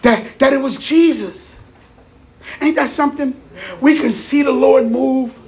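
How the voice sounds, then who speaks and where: A man preaching a lively, conversational Easter sermon, often repeating words as he builds his points. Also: extremely high pitch, unhurried.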